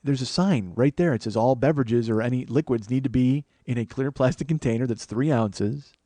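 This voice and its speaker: A man voicing a stern, middle-aged male airport security officer who cites the rules flatly. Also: medium pitch, brisk, dry recording, close to an everyday voice. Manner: flat, rule-citing, matter-of-fact.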